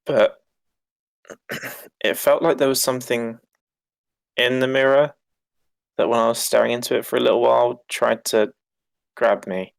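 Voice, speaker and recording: A man's voice: mid-range voice, creaky, smooth, no echo. A man playing a tabletop game, chatty and hesitant, often laughing. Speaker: player. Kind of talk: casual tabletop play.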